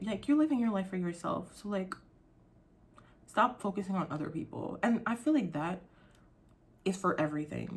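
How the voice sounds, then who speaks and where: A young adult woman vlogs in a casual, rambling way, swearing freely. Her voice is low-pitched but jumps up when she gets excited.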